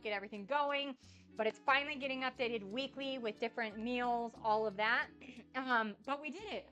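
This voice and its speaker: A woman's voice: on the high side, bright, forceful tone. A young adult woman chatting casually on a cooking livestream, gushing and effusive as she tastes her food. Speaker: cooking streamer. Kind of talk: casual cook-along livestream chat.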